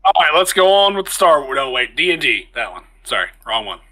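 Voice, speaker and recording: Bright-voiced male game master. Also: a little high, big pitch swings, a little fast, poor audio. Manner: casual, stops to correct himself mid-sentence. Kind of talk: narrating a tabletop game over a call.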